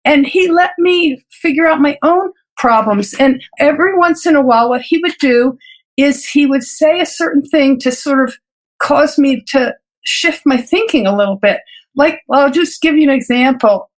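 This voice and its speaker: A woman physician telling her personal story in an interview, earnest and reflective, with halting restarts and light laughs between thoughts. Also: sits high. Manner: halting restarts and repeated words. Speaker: physician guest.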